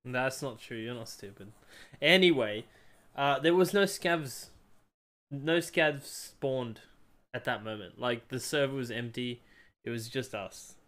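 A man casually commenting on a replayed game clip, animated as he explains it. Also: mid-range voice, measured pace. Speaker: streamer.

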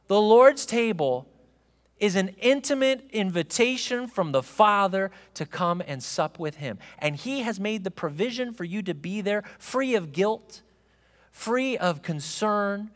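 A man with a notably high voice preaches to his congregation, chatty one moment and emphatic the next, often asking "okay?" His words ring out with the long reverb of a church hall. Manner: conversational preaching with frequent "okay?" check-ins; rising to emphatic proclamation. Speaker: pastor. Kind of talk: sermon. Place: church sanctuary.

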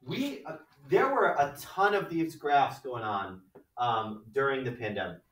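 A man's voice: mid-range voice, animated, measured pace, a bit bright. A man teaching a math class, explaining step by step and often asking rhetorical questions like "right?". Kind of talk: classroom lecture. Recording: echoey room from far off the mic.

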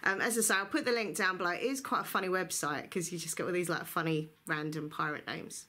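Lady book vlogger, chatty and giggly, bright sharp voice. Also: lowish voice, quick pace. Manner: chatty and bubbly, laughs often. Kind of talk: casual chat to camera.

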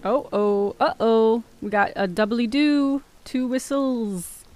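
A woman's voice: on the high side, slow, darkish tone, faint music behind. A woman streaming a game, reacting with jumpy screams, swearing and laughter. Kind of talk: live gameplay reactions.

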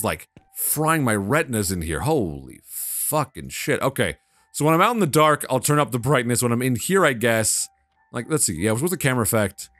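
Man, let's play commentary, animated, swears a lot, bouncy pitch. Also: no echo. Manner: animated, swearing, easily flustered. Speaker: gamer.

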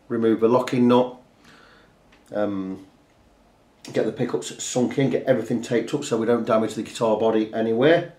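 A man's voice: medium pitch, a little mellow. Man talking through guitar repairs. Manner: casual, practical, talks through each step with fillers. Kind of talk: workshop tutorial talk. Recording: echoey workshop room.

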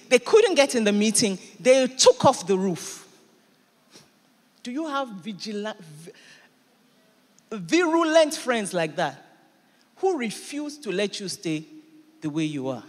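A woman pastor preaching a sermon in church, animated and emphatic, with sudden bursts of loudness. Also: a little high, long reverb tail. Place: church hall.

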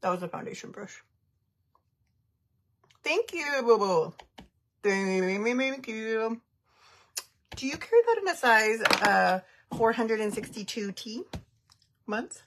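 Giggly thirtysomething woman on a makeup stream, breathy husky voice, just chatting away. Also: fairly high pitch, animated, slow, long pauses, fairly bright tone. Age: 30s. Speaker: makeup livestreamer. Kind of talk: casual livestream chat reading comments.

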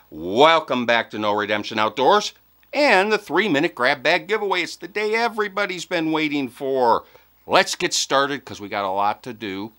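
Casting: male vlog host, playful and jokey, bright forceful voice, lively swinging pitch. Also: normal speed. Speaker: host of a fishing channel giveaway. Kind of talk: upbeat casual vlog address to viewers.

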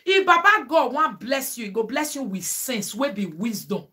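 A woman's voice: a little high, big pitch swings, moderate pace, bright, forceful tone. A woman vlogger with a Nigerian Pidgin accent, talking casually and emphatically to her viewers with preachy asides. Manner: emphatic, exclaiming.

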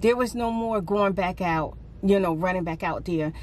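A middle-aged woman vlogger telling a casual story, relaxed with sighing pauses, her voice jumping up when she acts out what others said. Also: a little hiss or hum. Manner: animated retelling, pitch jumps up for quoted speech.

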